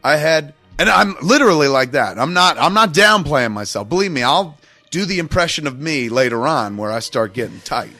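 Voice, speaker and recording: A man's voice: fairly high pitch, animated, moderate pace, sharp tone, faint music behind. A middle-aged man hosting a podcast, telling a long story in a casual, profane, self-mocking way. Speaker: podcast host.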